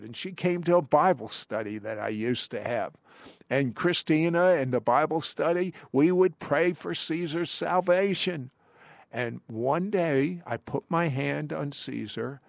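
A man's voice: on the high side, dry recording. Man preaching a sermon, dry and close. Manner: storytelling, quotes scripture with emphatic pauses.

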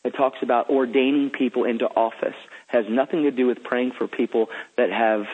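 A man's voice: medium pitch, fairly even intonation, a little fast. A man who is a guest minister, telling stories in an eager, emphatic, preacherly way. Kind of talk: enthusiastic storytelling. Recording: phone-like radio line.

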